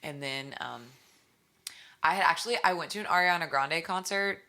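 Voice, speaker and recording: Low-voiced bubbly young woman. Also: moderate pace. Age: young adult. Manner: bubbly, animated storytelling with lots of fillers. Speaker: musician guest. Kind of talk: casual interview chat.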